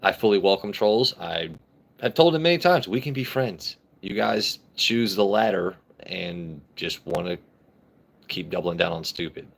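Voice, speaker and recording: A man's voice: low-pitched, lively intonation, measured pace, creaky. A man hosting a casual live stream, reading comments aloud, joking brashly and swearing freely. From United States. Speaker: livestream host.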